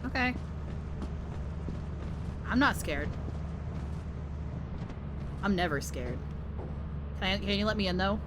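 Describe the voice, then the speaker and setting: A woman streaming a game, joking crudely and loudly with friends in casual chat. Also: mid-range voice, expressive, slow pace, long pauses, background noise. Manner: crude, loud joking with frequent laughter.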